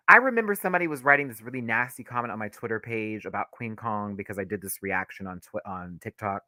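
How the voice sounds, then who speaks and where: A man's voice: medium pitch, expressive, normal speed, pushed and bright, no echo, clean studio sound. A man giving a live, gossipy reaction review of a drag reality show, talking casually with sassy asides and frequent laughter.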